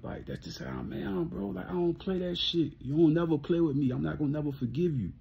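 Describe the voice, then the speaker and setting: A man's voice: fairly high pitch, lively intonation, fairly quick, vocal fry, breathy edge, lo-fi sound. A man ranting casually to camera, blunt and profane, often repeating himself and laughing. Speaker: vlogger.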